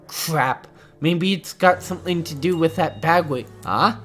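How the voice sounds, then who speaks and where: A gamer reading every line of a visual novel aloud, with excited, stammering reactions between lines. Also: mid-range voice, normal speed, soft background music. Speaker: let's play gamer.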